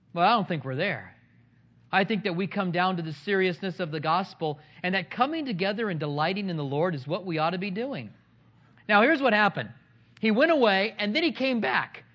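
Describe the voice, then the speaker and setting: High-voiced man preaching with playful humor. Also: muffled recording. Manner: animated storytelling with humor. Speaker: pastor. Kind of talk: sermon.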